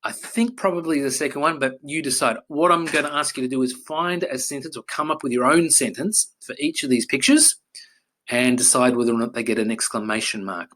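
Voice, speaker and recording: A male primary school teacher talking through a grammar lesson in a relaxed, chatty way, with fillers and self-corrections, and now and then acting out exclamations in a sudden loud, high voice. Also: fairly quick.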